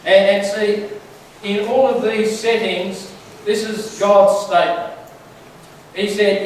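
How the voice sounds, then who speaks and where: Sitting high with little pitch movement, this man's voice moves slowly through a conversational church sermon full of stories and questions for the crowd. He's chatty, the mic is far off in a very echoey hall, and a little hiss or hum is present.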